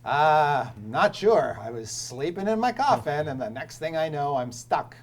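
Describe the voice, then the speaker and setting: A man's voice: on the high side, very animated, a little slow. A man voicing a small male undead gnome vampire who speaks courteously and sounds mildly confused. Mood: puzzled, polite.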